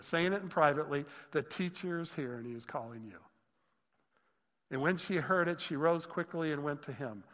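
A man preaching a sermon with a fairly high voice, expressive and exclaiming, dropping to near-hushed asides and then rising again. The sound carries a long reverb, as in a church sanctuary. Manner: expressive, exclaiming, swings between loud and hushed. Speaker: pastor.

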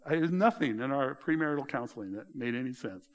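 A middle-aged male pastor preaching a sermon, telling stories in an animated way and raising his voice high when he retells dialogue. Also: quick pace. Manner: animated storytelling, voice rising high in retold dialogue.

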